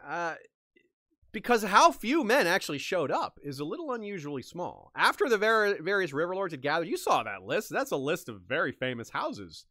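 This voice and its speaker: Bright-toned man musing on history. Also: high-pitched, sing-song, moderate pace, dry recording. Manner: musing, thinks aloud with frequent restarts. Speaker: podcast host. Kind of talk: casual history discussion.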